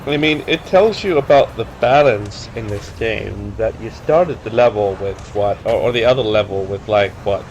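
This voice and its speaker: A man's voice: lowish voice, moderate pace, hardly any pauses, darkish tone, dull audio, soft background music. A man co-commentating a video game over a headset, dry and sarcastic. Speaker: let's play co-commentator. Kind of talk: casual gaming commentary.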